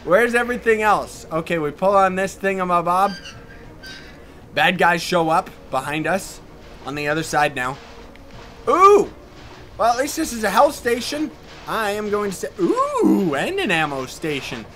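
A man doing let's play commentary, loud and excitable, often yelling at enemies. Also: high voice, a little slow.

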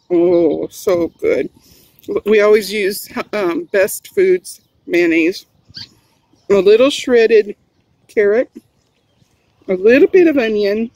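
This is a casual mukbang vlog in which a middle-aged Hawaiian woman eats on camera, rambling and giggling a lot as she moves from her home to a car. Her voice has a medium pitch and a darkish tone. The recording is rough but has no echo.

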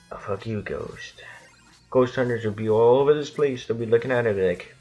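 A man's voice: on the low side, a little fast, darkish tone, soft background music. A man rambling and swearing through casual gameplay commentary, with lots of restarts. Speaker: gaming channel host.

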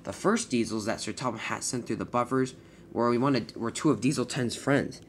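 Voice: medium pitch, normal speed, a little hiss or hum. A storyteller narrating a homemade toy-train adventure, with frequent slips and restarts.

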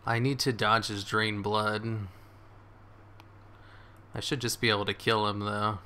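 A man giving excitable live commentary on his game, swearing and cheering his moves as he plays. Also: lowish voice, unhurried, clean tone. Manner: excitable, swears, laughs often. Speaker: gaming streamer.

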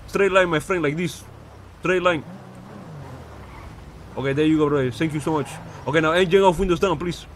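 A man's voice: on the high side, moderate pace, long pauses, slight background noise, natural voice. A man voicing a boastful immigrant police officer who speaks broken English and drops in Spanish words, in a role-play game. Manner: heavy put-on accent, slips into Spanish words.

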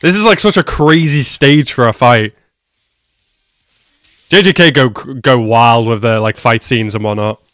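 A man reacting to an anime episode, swinging between hushed muttering and loud, swearing outbursts. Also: medium pitch, a little slow, pauses often, no room sound, soft background music. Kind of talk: live reaction commentary.

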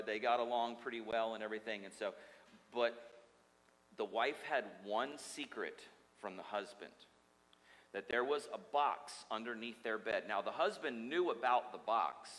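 Bright-voiced joking pastor in a hall. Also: male voice, on the low side. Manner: joking, storytelling, lively preacher. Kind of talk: sermon. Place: church sanctuary. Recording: long hall reverb.

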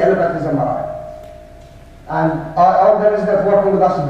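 A middle-aged man giving a medical lecture as a neurologist, halting with many fillers and dry jokes. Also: high voice, a little mellow. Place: large lecture hall. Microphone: room mic, often away from it. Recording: echoey hall from far off, faint noise.

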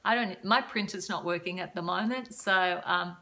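Older woman, vlog dating advice, casual chat, bright tone, laughs a lot, self-deprecating. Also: fairly low pitch, moderate pace. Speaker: vlogger giving dating advice.

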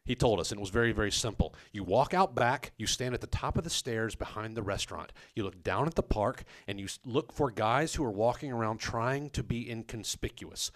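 A man telling a comic personal story on a podcast, animated and self-mocking, with his voice leaping up on quoted lines. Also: fairly low pitch, fairly quick, few pauses. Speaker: comedic storyteller.

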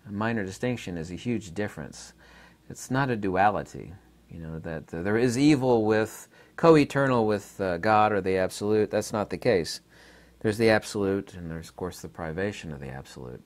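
Guy with a really low voice going off on a long philosophy ramble, lots of ums and side tangents. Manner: rambling, digressive, with frequent fillers. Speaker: channel host. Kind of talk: unscripted philosophy monologue.

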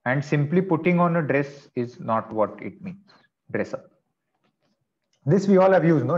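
A man's voice: fairly high pitch, expressive, measured pace, long pauses, a little mellow, highs cut off. A man teaching vocabulary in an online class, explaining patiently with chatty asides. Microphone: video call.

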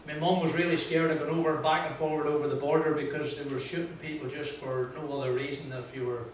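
A man's voice: fairly high pitch, fast. An older man with a broad Northern Irish accent from Ballymoney, telling humorous stories as a speaker at an event and acting out the dialogue. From Northern Ireland. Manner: broad, lively anecdotal delivery, acting out dialogue. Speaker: motivational speaker. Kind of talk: humorous storytelling speech. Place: event venue with audience. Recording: echoey hall, distant mic, faint noise.

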